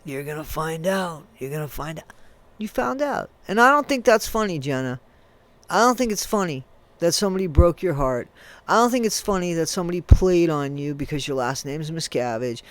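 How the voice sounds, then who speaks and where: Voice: medium pitch, animated, brisk, a bit bright. A commentary creator angrily ranting at someone, accusing him directly and spelling out swear words letter by letter. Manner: heated, accusing, addresses the subject directly.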